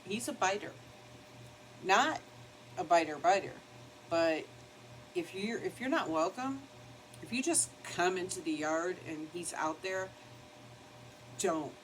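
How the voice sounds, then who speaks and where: A woman's voice: lowish voice, animated, slow, long pauses, a little hiss or hum, rough recording. An older woman chatting casually while doing her makeup at her home vanity, rambling and now and then scolding her dog. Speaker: beauty vlogger. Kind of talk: casual get-ready-with-me chat.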